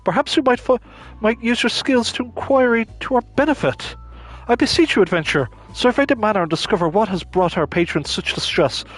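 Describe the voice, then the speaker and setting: A man's voice: high voice, fairly quick, voice pushed up. A man reading the lines of a worried, formal masquerade host in a game. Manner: formal, pleading delivery. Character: polite, fretful male masquerade host.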